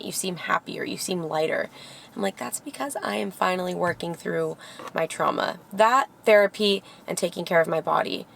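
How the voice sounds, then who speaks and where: A woman's voice: on the low side, vocal fry. A young woman vlogger telling a personal story in a candid, heartfelt way, with lots of "like" fillers. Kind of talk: casual vlog storytelling. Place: Los Angeles area.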